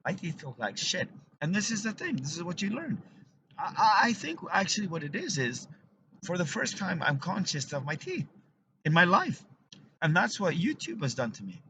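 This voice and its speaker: A man's voice: high-pitched, big pitch swings, normal speed. A man in a casual vlog, rambling and swearing often, trailing off and restarting his sentences, recorded on a phone outdoors. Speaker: vlogger. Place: outdoors with his wife and dog. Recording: slightly dull lo-fi sound with faint noise.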